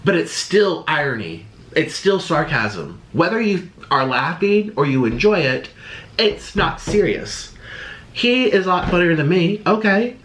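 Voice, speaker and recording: A man doing a reaction vlog as a YouTuber, ranting in an exasperated, defensive and sarcastic way, swinging between loud outbursts and muttering. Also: high-pitched, big pitch swings, measured pace. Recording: roomy echo.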